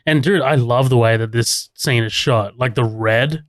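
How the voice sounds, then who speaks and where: A man's voice: mid-range voice, normal speed, no room sound. A man, co-hosting a casual film-review podcast, laid-back and laughing often. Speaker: podcast co-host.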